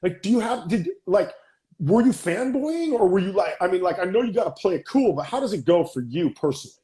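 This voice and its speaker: A high, lively male voice, swooping up and down as he gushes and stumbles over his own questions. He sounds like a podcast host recorded in a roomy space with echo around him. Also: a little fast. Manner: excitable, starts and restarts questions. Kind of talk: casual interview chat.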